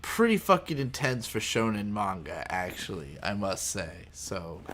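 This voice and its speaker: A man's voice: lowish voice, sing-song, a little slow, a bit bright. A man hosting a casual anime podcast, rambling through scene recaps and swearing for emphasis. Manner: rambling, many fillers and restarts, swears for emphasis. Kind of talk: casual chat.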